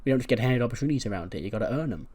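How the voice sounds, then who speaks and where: A man's voice: mid-range voice, animated, very fast, a little mellow, natural voice. A man doing an earnest pep-talking wrestler. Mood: encouraging. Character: earnest motivating male wrestler.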